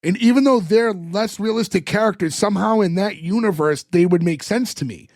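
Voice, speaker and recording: Guy rambling about a tv episode, kinda high voice, dry close sound. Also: brisk, a little mellow, no echo. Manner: rambling, lots of fillers, retells scenes. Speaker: podcast co-host. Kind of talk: casual chat recapping a TV episode.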